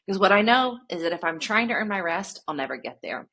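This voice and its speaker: A woman author, a guest on a podcast, who explains her ideas in a reflective way and lists her points in a steady teaching manner. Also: mid-range voice, quick pace, slightly rough. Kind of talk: podcast interview.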